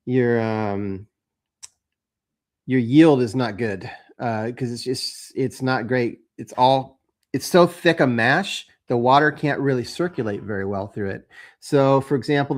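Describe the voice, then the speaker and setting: A man with a mid-pitched voice talks casually to his viewers. He rambles along, stopping often for ums and uhs and starting his sentences over. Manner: rambling, with many fillers and restarts. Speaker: homebrewing channel host. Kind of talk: casual chat to camera.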